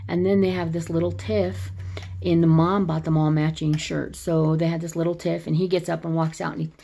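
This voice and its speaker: A woman's voice: sits low, vocal fry, mellow. A woman chatting through a casual movie recap, rambling and restarting her sentences and laughing as she retells scenes. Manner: rambling, with frequent restarts and self-corrections. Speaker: movie reviewer.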